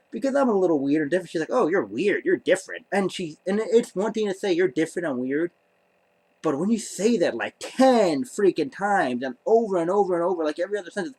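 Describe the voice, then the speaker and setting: A man's voice: high voice, darkish tone, slightly rough. A man telling a story to camera in a rambling, stammering way, full of exasperated disbelief. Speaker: vlogger.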